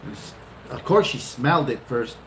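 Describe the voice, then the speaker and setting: A man in his fifties tells the story of meeting his wife in a loose, animated way, acting out his own reactions and swearing freely. The room is roomy and echoey, with steady background noise. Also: mid-range voice, moderate pace. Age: 50s. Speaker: husband telling how the couple met. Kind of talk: casual storytelling.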